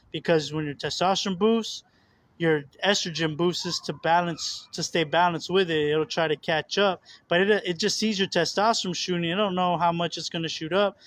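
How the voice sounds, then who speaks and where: A man's voice: on the high side, fairly bright tone. A young man talking casually and earnestly about his spiritual struggles, rambling with repeated words, fillers and restarts. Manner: earnest, confessional. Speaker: religious video host.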